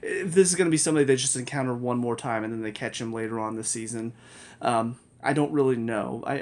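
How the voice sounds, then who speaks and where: A man giving a casual spoken review of a TV show, rambling, correcting himself and laughing often. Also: medium pitch.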